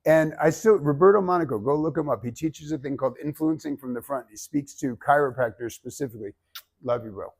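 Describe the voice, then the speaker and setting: A man's voice: on the high side, fast, a little mellow, slightly rough. A man giving blunt, emphatic feedback as a speaking coach, with some swearing. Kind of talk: workshop feedback.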